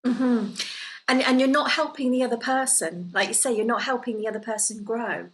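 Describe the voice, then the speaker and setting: A woman co-hosting a podcast from Italy gives advice in a casual, earnest way, full of fillers and restarts. Her voice is fairly high and a bit bright, at a moderate pace, on a low-quality recording.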